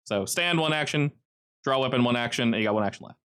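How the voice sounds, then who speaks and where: A man narrating as game master for a tabletop session over an online call. His voice sits at an ordinary middle pitch and keeps leaping up in excitement as he describes the action. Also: fast, smooth. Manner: lively narration with animated pitch jumps.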